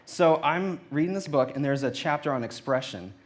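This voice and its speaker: A young man addresses a church audience from the stage of the auditorium, telling a funny story from his own life. His voice sits fairly high, with lively intonation and an ordinary speed, and he performs the lines he quotes in a playful, anecdotal way.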